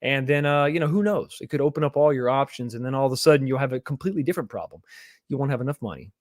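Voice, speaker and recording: A man's voice: medium pitch, expressive, rapid-fire, no room sound, studio quality. A man hosting a live stream, reading viewer comments aloud and replying in a chatty, reassuring way, calling people buddy. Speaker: livestream host reading chat. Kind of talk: casual live chat.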